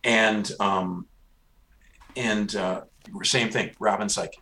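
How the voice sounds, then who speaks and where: A man's voice: lowish voice, fairly even intonation, slow, pushed and bright. A man hosting a casual interview, chatting with many hesitant restarts. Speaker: host, band author.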